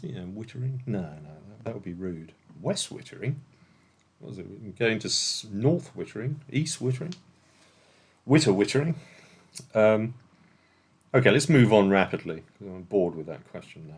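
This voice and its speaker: A man's voice: fairly low pitch, slightly rough. An English man hosting an online quiz night over a video call, reading questions and bantering playfully with players. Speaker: quizmaster.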